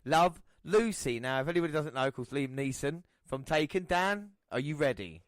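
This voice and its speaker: A man's voice: fairly high pitch, expressive, moderate pace, dry recording, studio quality. A man hosting a podcast, upbeat and steering the conversation. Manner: upbeat, runs the show. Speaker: podcast host. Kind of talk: casual chat.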